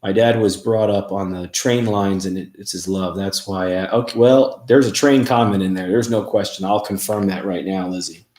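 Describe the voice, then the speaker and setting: Man, livestream host, low voice, rambling, laughs a lot, roomy echo. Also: steady tone, moderate pace, few pauses, a little mellow. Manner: rambling, laughs often, many fillers. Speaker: paranormal show host. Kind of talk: casual livestream chat reading comments.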